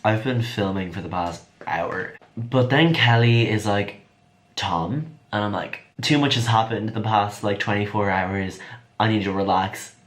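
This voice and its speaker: A young man telling a chatty, excitable storytime vlog. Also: on the low side, unhurried. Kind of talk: casual storytime.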